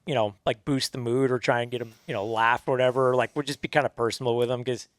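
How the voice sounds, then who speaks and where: A man's voice: medium pitch, steady tone, fast talker, dry recording. A man hosting a podcast, chiming in casually and swearing freely. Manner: laughing along, chiming in, profane. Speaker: podcast host. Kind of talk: casual chat.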